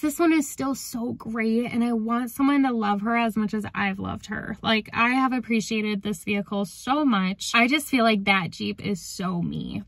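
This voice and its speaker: A young woman chatting excitedly to a phone camera for her vlog, sitting in her car, gushing and emotional. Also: on the high side, no echo. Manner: gushing, excitable, talks to herself. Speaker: vlogger. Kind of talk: casual vlog talk to camera.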